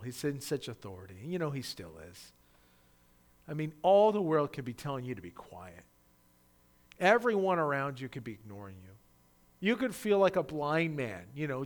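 A man delivering a sermon who reads the passage aloud and then explains it. His voice sits a little on the high side for a man. He swings between loud, dramatic cries in the quoted voices and soft, close asides. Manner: acts out quoted voices loudly. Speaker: preacher.

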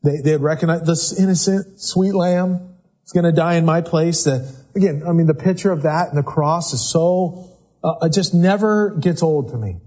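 A man's voice: fairly high pitch, moderate pace, warm tone, husky, dull audio. A man preaching a sermon in a church sanctuary, talking in a loose, conversational way and often repeating words as he goes. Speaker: pastor.

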